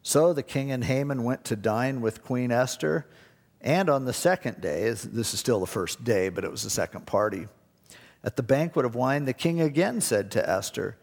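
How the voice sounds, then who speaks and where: A man's voice: mid-range voice, animated, normal speed, creaky, darkish tone. A man preaching a sermon, telling stories in a conversational, casual way. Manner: conversational storytelling, acts out quotes. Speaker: pastor. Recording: long hall reverb.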